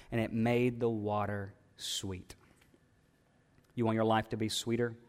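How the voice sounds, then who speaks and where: A man's voice: mid-range voice, in a large hall. A man, a pastor, delivering an impassioned and emphatic sermon. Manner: impassioned preaching, pleading and emphatic.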